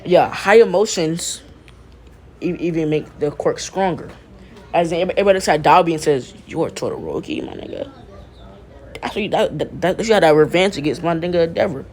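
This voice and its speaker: A man's voice: fairly high pitch, a little fast, a little mellow. A young man casually retelling a fan-made story, stumbling over restarts and tossing in profane slang. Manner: stammering restarts, profane slang, laughs at himself.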